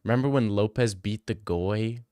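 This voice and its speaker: A young man chats casually on a livestream, reading viewer questions aloud and riffing back in loose slang. His voice sits on the low side and sounds smooth and clear. The sound is close and dry. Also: normal speed, dark tone, no echo. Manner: slangy, joking, reads chat questions aloud then riffs. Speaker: livestream host answering chat.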